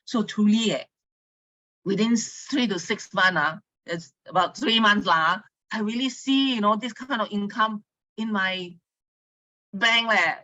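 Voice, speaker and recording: In a casual online talk, a woman with a Singaporean English accent gives her testimony to a team, chatting away with plenty of Singlish particles, frequent laughs, and requests for listeners to agree. Her mid-range voice moves at a measured pace with a sharp tone, and the recording is dry and lo-fi.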